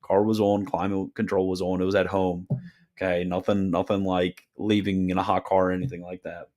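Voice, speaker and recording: A young man with a deep, low voice hosts a livestream Q&A. He reads chat questions and tosses back offhand, deadpan answers with a joking edge. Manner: offhand, deadpan, quick jokey replies. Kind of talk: casual livestream Q&A.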